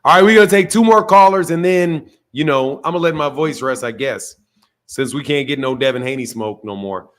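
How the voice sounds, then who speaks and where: A man's voice: on the high side, a little fast, fairly bright tone. A man hosting a live boxing call-in stream, talking casually in a loose, joking, slangy way and laughing often. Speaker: boxing show host.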